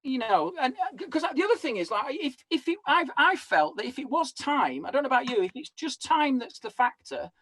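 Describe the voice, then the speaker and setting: A man's voice: extremely high pitch, very animated, a little fast, hardly any pauses, a bit bright, no echo. A man in his forties, a comedian guest on a video call, rambling animatedly through self-mocking stories. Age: 40s. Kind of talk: casual chat.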